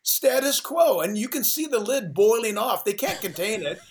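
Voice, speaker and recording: A man's voice: high-pitched, very animated, normal speed. A man, a pastor guest on a talk show, speaking in a fervent, preachy way and exhorting his listeners directly. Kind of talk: forceful talk-show interview.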